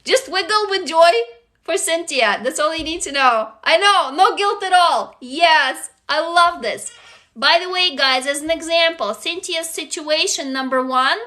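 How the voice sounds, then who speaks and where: A woman with a high voice hosts a casual livestream from her phone. She reads viewers' stories aloud and then gushes at her audience between them, swearing freely. Her tone is bright and sharp. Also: a little slow. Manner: excitable, gushing and freely swearing. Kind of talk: casual livestream chat and story reading.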